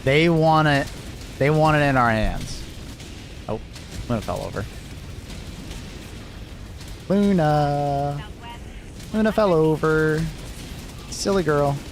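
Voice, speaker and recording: A man's voice: on the high side, expressive, measured pace, creaky, long pauses, faint music behind. A man casually chatting with his viewers on a gaming livestream, laughing often and answering chat.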